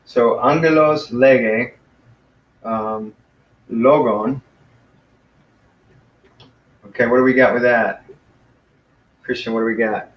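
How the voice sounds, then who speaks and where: A man teaching a casual lesson to a class, patiently explaining and slowly sounding out words. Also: mid-range voice, steady tone, lo-fi sound. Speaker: Greek teacher. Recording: echoey room, mic far off.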